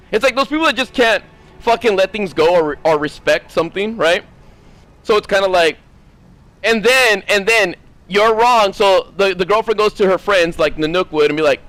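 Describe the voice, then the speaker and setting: A man's voice: high-pitched, expressive, fairly bright tone. A man streaming a game, rambling and swearing as he rants casually at his chat, sometimes mimicking other people. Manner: rambling, profane, mimics others in quick asides. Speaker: gaming streamer.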